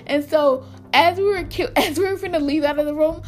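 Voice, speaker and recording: High-voiced young woman telling a story. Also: fairly quick. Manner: animated, repeats herself, acts out quotes in squeaky voice. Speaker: storyteller vlogger. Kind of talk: casual storytime to viewers.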